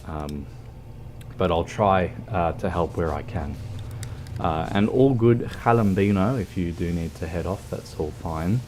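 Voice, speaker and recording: Australian male streamer, deep voice, unhurried, halting casual chat. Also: a little mellow, slight background noise. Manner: hesitant, many ums and restarts. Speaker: livestreamer. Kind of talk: casual chat while gaming.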